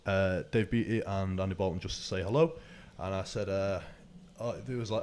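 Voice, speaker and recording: A man hosts a relaxed podcast conversation in a lowish voice. He rambles, restarts and drops casual swear words as he tells stories. A faint hum of room ambience sits behind him. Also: quick pace. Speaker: host.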